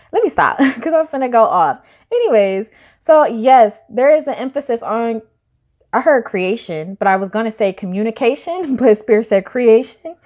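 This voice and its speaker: Woman tarot reader, slightly high voice, chatty and emphatic, casual swearing, speaks straight to camera.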